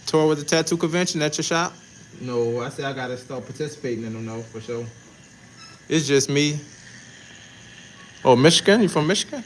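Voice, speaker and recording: A man's voice: fairly high pitch, lively intonation, brisk, long pauses, a little hiss or hum, low-quality recording. A man with a New Orleans accent, a tattoo artist chatting casually with viewers on a livestream while he works in his shop. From New Orleans, Louisiana. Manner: laid-back, slangy, greets chat viewers.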